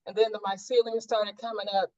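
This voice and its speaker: A woman's voice: medium pitch, flat delivery, fairly quick, darkish tone, no room sound. Woman, reflective storytelling, group session, dull lo-fi sound, dry. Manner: reflective, searching, with many fillers. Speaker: coaching session participant. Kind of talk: casual sharing in group session.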